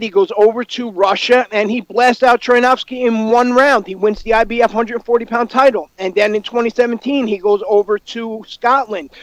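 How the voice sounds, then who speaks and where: A man's voice: extremely high pitch, no echo, low-quality recording. A man appearing as a guest analyst on a talk show, walking through fighters' records with a lot of "you know" fillers. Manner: fact-heavy, full of "you know" fillers. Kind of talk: casual call-in commentary.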